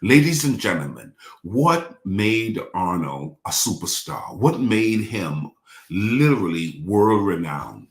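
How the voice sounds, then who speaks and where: A man's voice: low-pitched, sing-song, takes it slowly, echoey room. A man preaching a sermon in a church, repeating phrases and calling the congregation to respond. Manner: repetitive, call-and-response preaching. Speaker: pastor.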